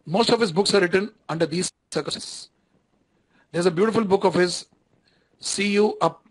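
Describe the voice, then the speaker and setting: High-voiced Indian English lecturer. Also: male voice, normal speed, slightly rough, poor audio. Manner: conversational, repeats phrases, asks students if they follow. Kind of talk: online lecture.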